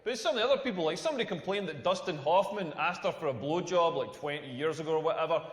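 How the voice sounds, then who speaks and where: A man's voice: on the high side, quick pace, close to an everyday voice. A man playing a brash Scottish stand-up comic. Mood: cocky. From Scotland. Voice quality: brash, self-mocking, crude punchlines. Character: cocky young Scottish male stand-up comic. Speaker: stand-up comedian. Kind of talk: stand-up routine. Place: comedy club stage. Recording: echoey hall with crowd. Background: audience crowd.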